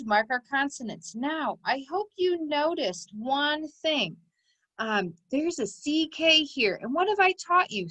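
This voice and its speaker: A woman's voice: a little high, a bit bright, no room sound, low-quality recording. A woman teaching a recorded phonics lesson to children, giving encouraging step-by-step instructions.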